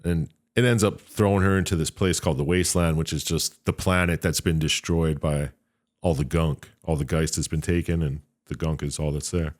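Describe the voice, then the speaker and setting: A man's voice: extremely low pitch, steady tone, normal speed. A man co-hosting a podcast in casual chat, loosely and profanely retelling a game's plot in a rambling way. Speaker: podcast co-host.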